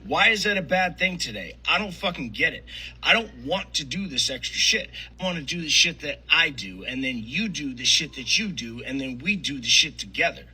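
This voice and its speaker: An irritated man rants in a harsh, strained voice that is sharp and piercing. He fires off one rhetorical question after another, swearing in nearly every breath, with the pitch sitting somewhat high. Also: very animated, moderate pace, husky, low-quality recording. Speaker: clip of a ranting man. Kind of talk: angry profane rant.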